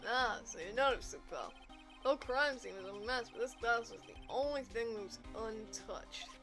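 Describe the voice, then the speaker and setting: This is a big-hearted, bumbling police detective, played by a woman reading a game aloud. He is loud and chummy and calls everyone pal. The voice sits a little high, and faint game music plays behind. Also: moderate pace, close to an everyday voice.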